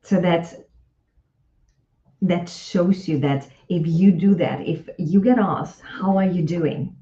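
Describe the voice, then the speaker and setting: Slow, mellow-voiced woman. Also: on the low side. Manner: reflective storytelling, often repeats phrases. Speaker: relationship coach. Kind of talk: live online talk with client anecdotes. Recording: roomy echo, dull lo-fi sound.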